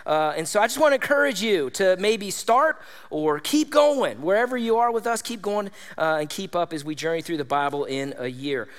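A man preaching a sermon to his congregation, energetic and conversational, often checking in with his listeners. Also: sits high, normal speed, few pauses, big-room sound. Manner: energetic, conversational, with tag questions like "all right?". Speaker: pastor. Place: church hall.

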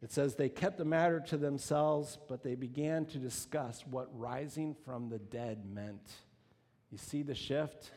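A man's voice: medium pitch, a little slow, darkish tone. A man preaching a sermon, telling the story with animation and acting out quoted voices. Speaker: pastor. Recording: long reverb of a hall.

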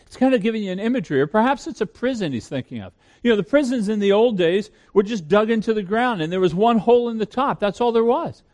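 A man's voice: high-pitched, expressive, fast, hardly any pauses, darkish tone. A man preaching a sermon in an earnest way, often repeating words as he starts a sentence. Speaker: pastor.

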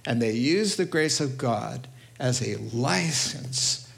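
A male pastor with a New York accent preaching a sermon, animated, acting out quoted voices and swinging between loud and hushed delivery. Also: medium pitch, takes it slowly, creaky.

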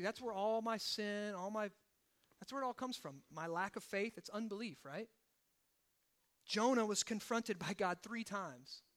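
A man preaching a sermon. He swings from hushed, low emphasis to loud, rising exhortation and keeps checking in with "right?". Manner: asks the congregation rhetorical questions, often adding "right?". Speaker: pastor.

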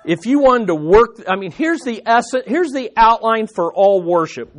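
A male preacher delivers a sermon in a fairly high voice. He presses his points hard and circles back to the same rhetorical questions again and again. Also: expressive, normal speed. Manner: emphatic, repeating rhetorical questions.

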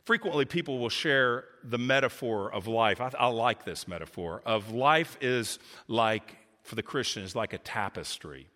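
A man preaching a sermon, passionate as he voices laments to God, calmer and reflective as he explains. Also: moderate pace, few pauses. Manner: impassioned, rising pitch on voiced laments to God. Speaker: pastor. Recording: long hall reverb.

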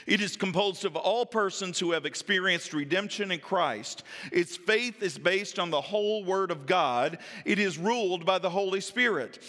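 A man in his thirties preaching a sermon to his congregation, with earnest emphasis that drops into quiet, personal asides. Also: sits high, normal speed, few pauses. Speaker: pastor. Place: church sanctuary. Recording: long hall reverb. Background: church hall.

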